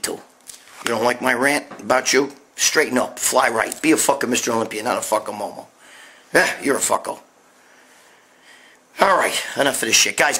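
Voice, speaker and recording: A man's voice: mid-range voice, sharp tone, breathy edge. A middle-aged man hosting a show, ranting and telling stories in a brash, profane, blunt way. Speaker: host. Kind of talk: profane monologue rant and storytelling.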